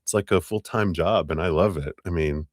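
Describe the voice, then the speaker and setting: A man's voice: sits low, fairly quick, no echo, clean studio sound. A man hosting a live tarot stream, chatting casually with viewers, laughing often and sounding giddy.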